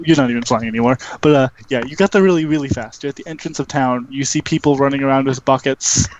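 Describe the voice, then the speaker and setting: A man's voice: medium pitch, slight background noise. Man narrating a tabletop game, lo-fi. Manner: rambling, filler-heavy narration. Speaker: game master. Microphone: online call microphone. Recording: lo-fi voice call.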